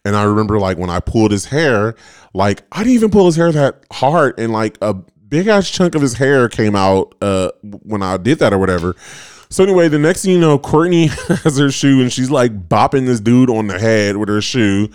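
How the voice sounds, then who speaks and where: A man's voice: mid-range voice, expressive, moderate pace, darkish tone, clean tone, dry recording, clean studio sound. A man in his late twenties, a podcast host, telling a rambling, profane story in a casual way with lots of "like" fillers.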